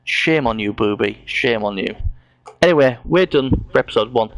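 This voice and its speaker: Brief: male host, playful banter, steady mid-pitched voice. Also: normal speed, dry recording. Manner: banter, swearing, playful teasing. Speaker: podcast host. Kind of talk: casual chat.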